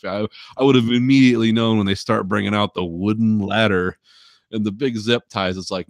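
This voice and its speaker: A man's voice: on the low side, a little fast, no room sound, studio quality. A man hosting a podcast, telling a story in casual, swearing chat and laughing often. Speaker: podcast host.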